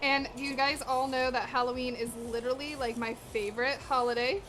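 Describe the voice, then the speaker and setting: A young woman cooking in her home kitchen chats straight to her live-stream viewers, slangy, direct and a little breathless. Her high voice is steady, a bit bright and a little fast, with slight background noise.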